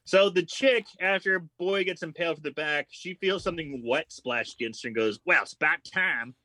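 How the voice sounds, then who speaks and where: A man's voice: on the high side, dry recording, rough recording. A man casually recapping a horror movie on a podcast, swearing freely and acting out lines from the film. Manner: animated, acts out film lines in quick impressions.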